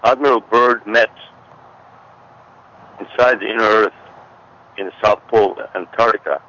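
Emphatic low-voiced man guest. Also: fairly even intonation, unhurried, bright, forceful tone. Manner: emphatic, repeats warnings. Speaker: interview guest. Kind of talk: conversational explanation. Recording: dull lo-fi audio.

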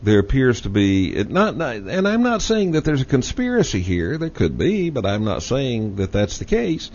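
A man's voice: medium pitch, huge pitch swings, normal speed, a little mellow. A man with a Texas accent hosting a talk radio show, making his points in a folksy, emphatic way and repeating them. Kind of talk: casual talk radio discussion. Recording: dull lo-fi radio audio with faint hiss.

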